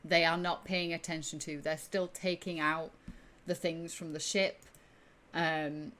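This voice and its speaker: A woman's voice: sits low, level tone, unhurried, a bit bright. A woman running a tabletop game as game master, chatty and full of likes and ums.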